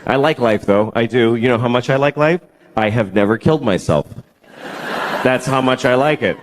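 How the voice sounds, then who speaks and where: A man in his forties doing stand-up comedy, deadpan, dark and profane. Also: medium pitch, normal speed, slight background noise. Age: 40s. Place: stage in a comedy venue.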